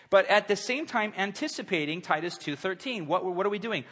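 A man in his thirties preaching a sermon in a church, conversational and animated, acting out quotes. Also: high-pitched, fairly quick, few pauses, breathy edge. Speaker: pastor. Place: church sanctuary. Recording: long hall reverb.

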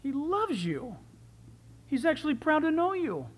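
A male preacher teaching from scripture with lively enthusiasm. He slows down to stress key phrases, then rushes ahead again, and his volume climbs and drops as he goes. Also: very high-pitched, in a large hall. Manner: animated and enthusiastic, with big swings in loudness. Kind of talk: sermon.

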